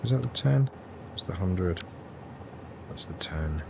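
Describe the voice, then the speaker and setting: A man's voice: deep voice, expressive, a little slow, gravelly, background noise. A man streaming a building game, chatting to his viewers in a rambling, jokey, self-deprecating way. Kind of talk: casual gameplay live stream chat. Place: home setup, streaming off a laptop. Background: game music.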